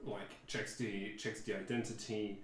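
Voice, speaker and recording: A man running a tabletop game as game master, pausing often with fillers. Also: on the low side, flat delivery, a little hiss or hum. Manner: halting, many fillers. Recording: very echoey room, faint music.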